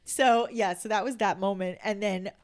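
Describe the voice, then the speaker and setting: A woman in her fifties from New Jersey, chatting as a podcast guest in an even, mid-pitched voice. She tells her stories in an animated way, slipping into the voices of the people she quotes and filling her sentences with "like.". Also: normal speed. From New Jersey, USA. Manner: animated, acts out quotes, many fillers of "like". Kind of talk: casual anecdote storytelling.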